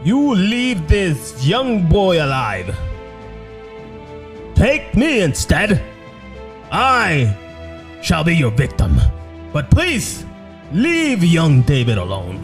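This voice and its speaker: A melodramatic young hero, as a man acts him out pleads slowly and grandly in a comedy skit. The voice pitches up a little and rings with mock solemnity. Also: wildly swooping pitch, soft background music, exaggerated voice. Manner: slow overblown pleading. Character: young man offering himself to a demon, heroic, melodramatic.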